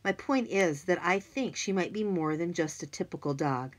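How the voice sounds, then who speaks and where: A woman's voice: on the low side, moderate pace, lightly acted. A woman voicing an eager, stubborn eleven-year-old boy in an audiobook. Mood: insistent. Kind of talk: audiobook character voice.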